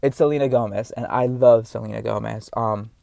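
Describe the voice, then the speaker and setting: Again a man with a noticeable non-standard accent speaks to camera as a vlogger, his mid-range, warm voice steady, a little fast and touched with vocal fry, with no room sound. His casual motivational talk is earnest and rambling, full of fillers and repeated words as he encourages viewers.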